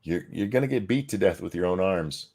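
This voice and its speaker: A man co-hosting a casual podcast, blunt and crude in his rants. His voice sits low but jumps around with lots of animated inflection. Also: brisk. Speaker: co-host.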